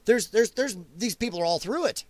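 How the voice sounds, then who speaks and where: A man's voice: high-pitched, expressive, fairly quick, no echo. A man hosting a political commentary livestream, ranting in a heated, sarcastic and mocking way. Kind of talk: livestream rant.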